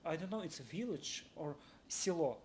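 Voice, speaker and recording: A man with a Russian accent whose native language is Russian, hosting a vlog and chatting casually in halting English, often searching for words. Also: fairly high pitch, expressive, darkish tone. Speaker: vlogger. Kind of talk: casual conversation.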